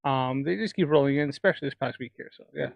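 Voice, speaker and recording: A man's voice: mid-range voice, quick pace, gravelly, no room sound, phone-quality sound. A man from Alberta, Canada, with a Canadian accent, rambling in casual chat while hosting a livestream. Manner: rambling, chatty. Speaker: livestream host.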